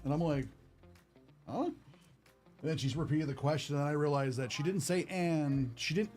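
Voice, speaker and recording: A man's voice: fairly high pitch, moderate pace, darkish tone, soft background music. A young man hosting a card-opening stream, chatting casually and rambling with lots of fillers. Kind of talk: casual chat while opening cards.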